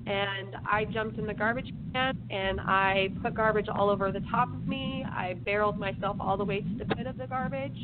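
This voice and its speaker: A woman speaks slowly over a tinny phone line as she tells her story as an interview guest. Her delivery is measured, with pauses between her thoughts. A faint hiss sits under her voice. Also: medium pitch, steady tone.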